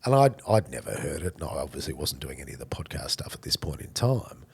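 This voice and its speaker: An Australian man hosting a podcast, telling stories in a blokey, joking and animated way. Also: very deep voice, fast talker, gravelly, a little hiss or hum. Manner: animated storyteller, blokey and jokey. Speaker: podcast host. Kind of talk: casual podcast chat.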